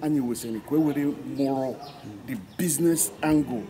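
A man explaining a community training program in an unhurried manner, mixing Igbo with English. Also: mid-range voice, crowd noise. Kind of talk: community speech.

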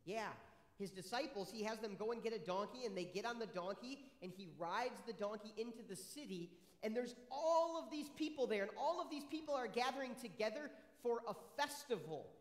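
A high-pitched man leads a children's sermon as a pastor, upbeat and friendly, asking the kids question after question. His voice rings through a roomy church sanctuary with a long, echoing reverb. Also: expressive, fairly quick.

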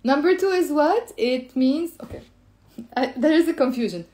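A woman with a Lebanese Arabic accent gives a playful, chatty language lesson live, her voice sitting a little high. She keeps repeating phrases slowly for her viewers and talks into a phone or webcam. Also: sing-song, dark tone. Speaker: Arabic teacher.

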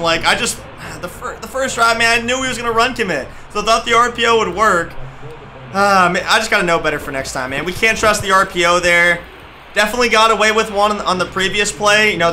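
Excitable young man commenting on gameplay. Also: high-pitched, slight background noise. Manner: excitable, trash-talking, shouts at big plays. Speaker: gaming YouTuber.

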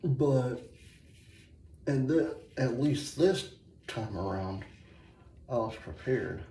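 A man casually talking through his shave, rambling and halting with lots of fillers and restarts. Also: medium pitch, expressive, warm tone, far from the mic, slight background noise. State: hiccups. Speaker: shaving video host. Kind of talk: casual shaving vlog talk. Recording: echoey room, mic set back.

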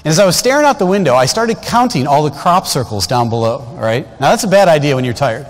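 Speaking quickly in a fairly high, sing-song voice, this man in his fifties is a guest preacher telling stories from the pulpit. He's folksy and conversational, often turning to address the congregation, with long reverb filling the big sanctuary.

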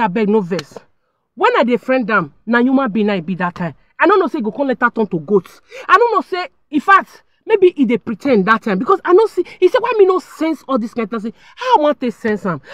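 A woman's voice: sits high, very animated, fairly quick, hardly any pauses, no room sound, studio quality. A young adult woman with a Nigerian accent, telling a personal story to her viewers in a dramatic, emphatic way and speaking to them directly. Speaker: vlogger.

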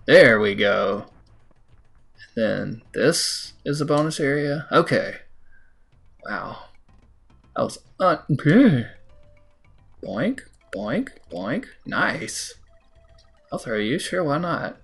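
An American man giving casual gameplay commentary, talking to the game, mocking himself and breaking into sudden high exclamations. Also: lively intonation, takes it slowly, gravelly, pauses often, fairly bright tone, breathy edge, soft background music. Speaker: let's play host.

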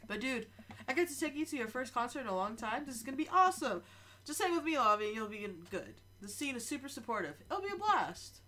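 A man's voice: extremely high pitch, very animated, quick pace, sharp tone, full character voice. A woman voicing an easygoing adult male punk dad with a stuffed-up voice, over faint game music. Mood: upbeat.

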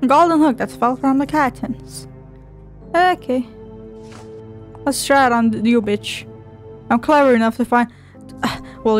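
A woman's voice: high-pitched, unhurried, pauses often, faint music behind. A woman playing a video game, swearing and giggling through sassy asides as she reads the game's dialogue aloud. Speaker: gameplay streamer. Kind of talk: let's play commentary, reading dialogue aloud.

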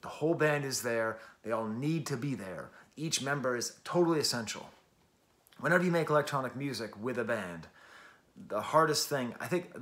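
A man's voice: mid-range voice, a bit bright. A man hosting a casual music review, talking enthusiastically and chattily with self-deprecating asides.

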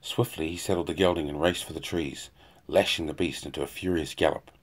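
Deep-voiced man narrating a fantasy novel. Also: steady tone, fairly quick, slightly rough. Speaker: audiobook narrator. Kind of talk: fan reading of a fantasy novel.

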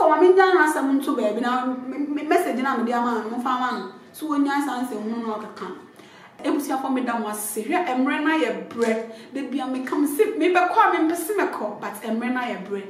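A Ghanaian woman comedian delivering an animated comic rant that keeps repeating itself in sudden loud bursts. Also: high-pitched. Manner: animated, repetitive, shouty bursts. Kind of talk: comic rant mixing English and Twi. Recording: very echoey room.

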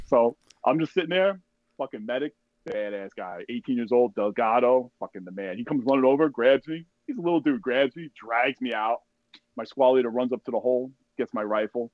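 Speaking a little fast at medium pitch, an army veteran on a podcast recounts a war story with plenty of swearing. He acts out other people's lines and keeps saying "like" and "you know"; the podcast sound is dull and dry, without echo.

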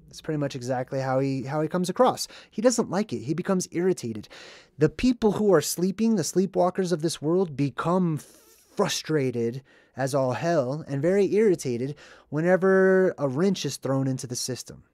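A man giving casual, earnest commentary on a film, stressing key words slowly and with emphasis. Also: a little high, expressive, a little mellow, no room sound, studio quality. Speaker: movie commentary vlogger.

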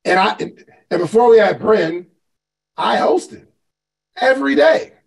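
A man with a fairly high, gravelly voice gives a motivational talk to a live call audience. He speaks conversationally, asks his listeners questions and repeats himself for emphasis. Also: expressive, unhurried, poor audio. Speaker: host and business coach.

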